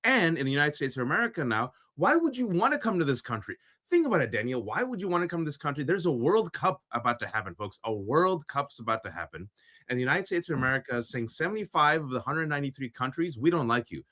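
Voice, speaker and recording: A man's voice: mid-range voice, sing-song, fast talker, bright, forceful tone. A man co-hosting a political talk show, delivering impassioned, sarcastic commentary. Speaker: co-host.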